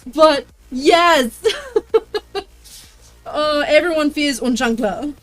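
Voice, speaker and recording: Bubbly high-voiced woman streaming. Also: very slow, soft background music. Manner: bubbly and playful, chats to viewers, sings and laughs a lot. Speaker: livestreamer. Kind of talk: casual live-stream chat while crafting.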